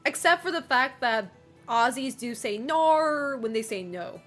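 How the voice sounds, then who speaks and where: Woman, casual stream chat, higher voice, rambling, giggly, faint music behind. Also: animated, moderate pace, fairly bright tone. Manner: rambling, giggly, lots of fillers.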